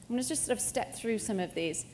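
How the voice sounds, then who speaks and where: A middle-aged woman presenting a live software demo at a conference, joking and self-mocking as she goes. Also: fairly high pitch, quick pace, slight background noise. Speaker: conference speaker. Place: conference hall stage.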